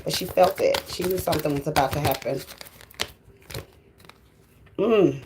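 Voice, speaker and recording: Emotional woman tarot reader, low voice. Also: animated, moderate pace, creaky, pauses often, warm tone, a little hiss or hum. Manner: emotional, sighing and holding back tears; addresses viewers directly and casually. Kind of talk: spiritual tarot reading vlog.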